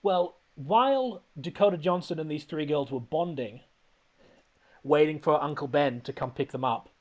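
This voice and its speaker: A man with a slightly high voice rambles through a movie recap, laughing as he goes. His delivery is animated and casual, full of restarts and incredulous questions. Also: normal speed. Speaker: podcast host recapping a film.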